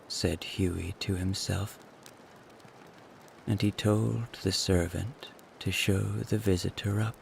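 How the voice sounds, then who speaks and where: A man narrating a calm bedtime story in a soothing way. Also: low voice, gravelly, a little hiss or hum. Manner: slow, soothing.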